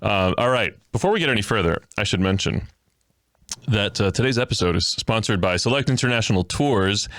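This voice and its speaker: Joking low-voiced male podcast host. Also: expressive, brisk, a bit bright, soft background music. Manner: joking, rambling with many fillers. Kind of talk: casual interview chat.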